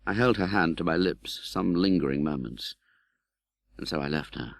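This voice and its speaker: Expressive male audiobook narrator. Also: low voice, moderate pace, creaky, dry recording. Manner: expressive, dramatic, voices the hero's pleas. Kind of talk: scripted narration.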